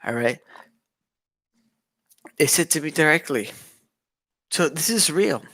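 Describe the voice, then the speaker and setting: A man's voice: a little high, lively intonation, slow, pushed and bright. An agitated young man rants straight to camera in a loose monologue. He circles back over the same points again and again, and a mocking tone keeps slipping in. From United States. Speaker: vlogger. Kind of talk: casual ranting monologue.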